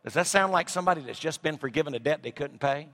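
A pastor preaches a sermon in a church with long hall reverb, his fairly high, slightly bright voice moving at a quick pace. He reads scripture and fires emphatic rhetorical questions at the congregation.

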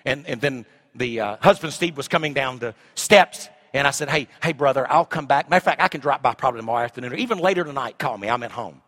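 A middle-aged man preaching a sermon as pastor, swinging from shouts to hushed asides. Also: medium pitch, quick pace, hardly any pauses.

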